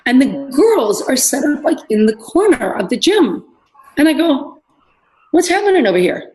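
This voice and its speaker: A middle-aged woman, a fitness trainer, telling lively stories in a casual podcast chat and acting out what people said. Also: high-pitched, moderate pace, poor audio. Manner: animated storyteller, acts out quotes.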